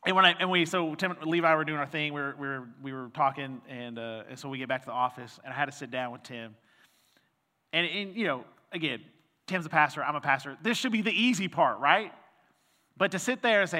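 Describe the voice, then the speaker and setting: Bright-voiced pastor preaching in a reverberant hall. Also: male voice, on the high side, fast talker. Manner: conversational, storytelling with quoted dialogue and scripture reading. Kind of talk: sermon.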